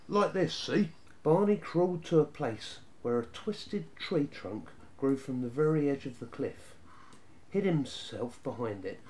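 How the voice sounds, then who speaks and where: A man narrating a children's storybook in a steady, even reading voice. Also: medium pitch.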